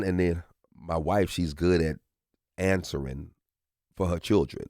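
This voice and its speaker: Comedian guest, man, very low voice, dry close studio sound, animated storyteller. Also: unhurried, pauses often, no echo. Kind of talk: casual podcast chat. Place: podcast studio.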